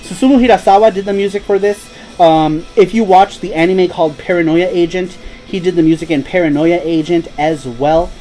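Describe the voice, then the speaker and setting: A man's voice: high-pitched, a little fast, warm tone, soft background music, poor audio. A man hosting a casual live stream, chatting in a rambling, laid-back way and laughing easily. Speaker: host.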